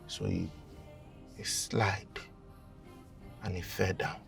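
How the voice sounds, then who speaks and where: A young Nigerian man tells a comic confession with a dramatic, animated storyteller's flair. His voice sits low with a gravelly edge. He is a little far from the mic, with music playing softly behind. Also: slow pace, long pauses. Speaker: guest.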